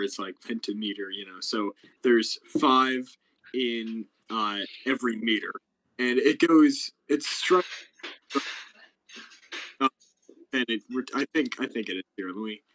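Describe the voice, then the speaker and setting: A man's voice: mid-range voice, a bit bright, rough recording. A young man hosting a casual live stream chat, explaining things with lots of fillers and restarts. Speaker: podcast host.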